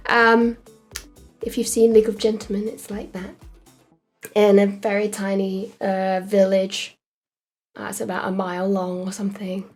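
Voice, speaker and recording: A woman with an English accent mixing Essex and Midlands, chatting casually on a livestream while she works on animation, relaxed and hesitant with lots of ums. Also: mid-range voice, moderate pace, long pauses, soft background music. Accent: English, a mix of Essex and Midlands. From England. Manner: relaxed and hesitant, with frequent ums and trailing phrases. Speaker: animator streaming her work.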